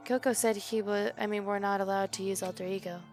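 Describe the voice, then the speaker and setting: A distraught and earnest young male student, read out by a woman. He speaks in a subdued, pleading way, in a mid-pitched voice. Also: fairly even intonation, fast, darkish tone, faint music behind, close to an everyday voice.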